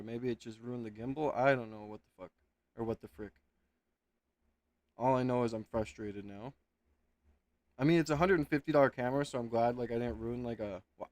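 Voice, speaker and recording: A man in his thirties chats on his home livestream in a rambling, exasperated way, now and then swearing and then correcting himself. His voice sits in a middle pitch. The sound is dry and close, with little room in it. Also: darkish tone, no room sound. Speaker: livestream host. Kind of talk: casual livestream chat. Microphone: webcam setup at home.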